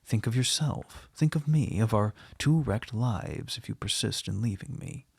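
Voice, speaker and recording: A man with a husky, gravelly voice voicing a passionate former lover who forcefully pleads with a woman to come away with him. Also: lowish voice, a little slow, no echo, clean studio sound, full character voice. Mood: pleading. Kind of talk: storybook reading.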